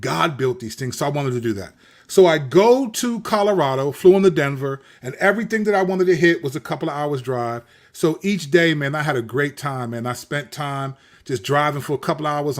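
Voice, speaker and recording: Hosting his own show, a middle-aged man with a somewhat higher-than-usual voice recounts a long personal story. He talks with lively street slang and preacherly cadence, frequently doubling back on what he's said.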